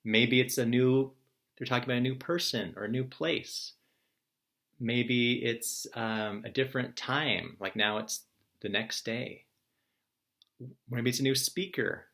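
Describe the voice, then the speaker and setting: A man talks to his students in a recorded morning message. He is calm and encouraging, the way a teacher sounds when he walks a class through the day's work. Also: mid-range voice, unhurried, pauses often. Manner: relaxed, encouraging, explains step by step.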